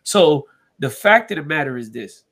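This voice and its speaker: A man's voice: fairly high pitch, animated, normal speed, fairly bright tone. A young man co-hosting a casual sports podcast, ribbing his partner in playful argument. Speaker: podcast co-host.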